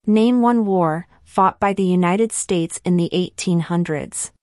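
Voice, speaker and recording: A woman slowly reading civics test questions and answers in a measured, deliberate way. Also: fairly low pitch, a little mellow, no echo, clean studio sound. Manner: measured, deliberate delivery with long pauses.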